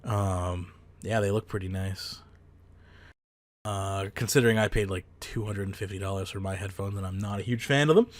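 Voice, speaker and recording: A man's voice: deep voice, moderate pace, no echo. A man hosting a casual podcast, rambling with fillers and the odd swear. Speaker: podcast host. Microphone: close headset mic.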